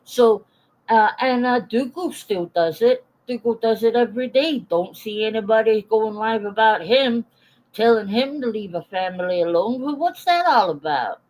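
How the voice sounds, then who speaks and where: A woman's voice: a little high, animated, moderate pace, darkish tone, poor audio. Woman in her forties, live-stream rant, blunt, swears a lot, greets chat viewers as she goes. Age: 40s.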